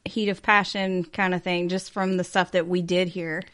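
A woman's voice: fairly low pitch, flat delivery, moderate pace, fairly bright tone. A woman co-hosting a casual podcast, reacting to the story with short exclamations. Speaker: podcast co-host. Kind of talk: casual chat.

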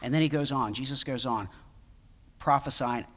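A man's voice: mid-range voice, normal speed, fairly bright tone, big-room sound. A man preaching a sermon in a conversational, emphatic way, with many fillers and restarts. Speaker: pastor.

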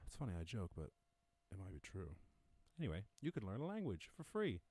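A man with an Irish accent hosts a casual lockdown live stream from home as a podcast host, rambling, joking and swearing plenty. His voice is mid-range and darkish, with wildly swooping pitch, and he talks fast. The recording is dry.

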